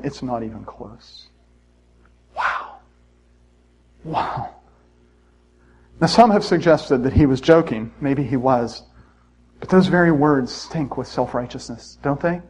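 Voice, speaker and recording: A man's voice: medium pitch, a little mellow, a little hiss or hum, low-quality recording. A man preaching a sermon in church, conversational and self-deprecating, with frequent asides to the congregation. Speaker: pastor.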